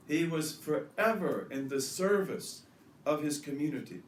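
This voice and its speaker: A man's voice: medium pitch, reverberant, recorded from a distance, slight background noise. A man giving an earnest religious lecture, telling stories and weaving in Arabic terms. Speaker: Islamic lecturer.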